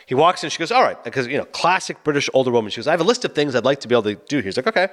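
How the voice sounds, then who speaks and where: Animated fast-talking man. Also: mid-range voice. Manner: animated, acts out both characters' lines. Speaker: film reviewer. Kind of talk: casual retelling of a film.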